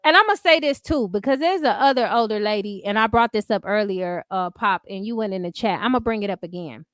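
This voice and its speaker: This livestream host is a woman with a medium-pitched voice who talks fairly quickly. Her studio-quality audio has no echo, and she's ranting combatively and profanely while casually replying to chat.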